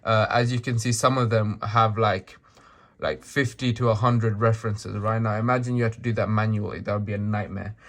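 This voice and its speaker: A man talking through a casual screen-share tutorial, slightly hoarse, rambling with lots of fillers, restarts and tag questions. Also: fairly low pitch, steady tone, brisk, fairly bright tone. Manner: rambling, full of fillers and restarts, tags "right?". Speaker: tutorial maker.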